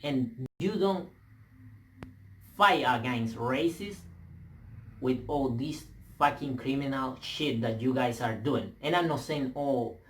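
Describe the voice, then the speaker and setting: A young man with a Spanish accent, English not his first language, delivering a profane, emphatic rant to camera with halting restarts. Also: medium pitch. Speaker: vlogger. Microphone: camera mic.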